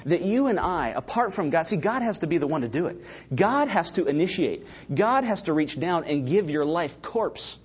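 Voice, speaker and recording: A man preaching a sermon, emphatic and building to loud stresses, with a slightly husky voice. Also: a little high, expressive, moderate pace, highs cut off. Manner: emphatic, rising to shouts for stress.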